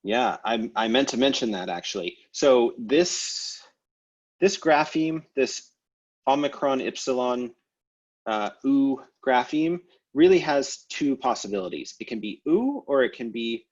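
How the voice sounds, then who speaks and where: A man teaching a language class over a video call, explaining grammar in a relaxed way with many fillers and restarts. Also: mid-range voice, husky, highs cut off. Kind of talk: online class lecture.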